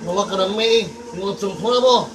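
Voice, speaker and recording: Man doing a tough wiseguy voice, brash, threatening, raised pitch, noisy room behind. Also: a little fast, close to an everyday voice. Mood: menacing. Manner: brash, threatening, repeating catchphrases. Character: tough-talking wiseguy tough guy, menacing and brash. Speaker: impressionist at open mic. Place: coffee shop, indoors.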